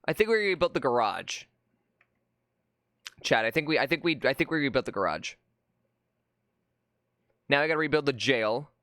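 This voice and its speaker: A streamer giving live gameplay commentary, jokey and exasperated, swearing and breaking into loud outcries. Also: medium pitch, lively intonation, normal speed, long pauses, no room sound, studio quality.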